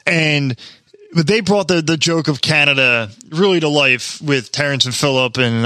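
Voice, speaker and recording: A man's voice: a little high, moderate pace, bright, forceful tone, dry recording, studio quality. A man co-hosting a podcast, chatting casually with crude jokes and lots of swearing. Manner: swears freely, mocks with put-on accents. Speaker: podcast co-host.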